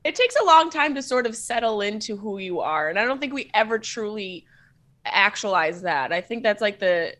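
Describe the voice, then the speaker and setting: A woman's voice: mid-range voice, animated, normal speed, fairly bright tone. A woman comedian guesting on a podcast, chatting casually with brash, profane humor and easy laughter.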